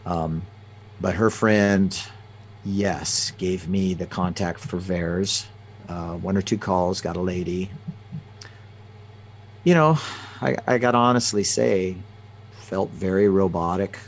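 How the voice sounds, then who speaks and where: A man with a very deep voice tells stories in a relaxed, conversational way. He often halts and restarts mid-sentence, filling the gaps with ums. A faint hiss of noise sits under his voice. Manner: halting, frequent restarts and fillers. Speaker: interview guest. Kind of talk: conversational storytelling.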